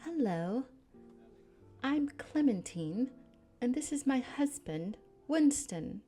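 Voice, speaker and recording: A woman's voice: high-pitched, expressive, takes it slowly, warm tone, faint music behind, voice pushed up, exaggerated voice. A woman voicing a polite older British lady, with a prim, gracious manner.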